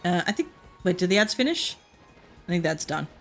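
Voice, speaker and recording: An Australian woman streaming a game, chatting casually and rambling through a story with frequent laughs and quick asides. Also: fairly low pitch, big pitch swings, faint music behind. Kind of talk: casual chat while playing.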